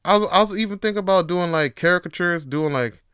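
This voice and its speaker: Male host, casual profane monologue, slightly high voice, dry close sound. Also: fast talker, fairly bright tone, smooth, no room sound. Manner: loose, profane, laughing asides.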